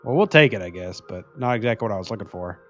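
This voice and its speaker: A man with a lowish voice and lively intonation talks fast, his tone fairly bright despite a muffled recording with faint music behind. He chats casually and jokingly while streaming a mobile game, laughing often and reading viewer comments out loud.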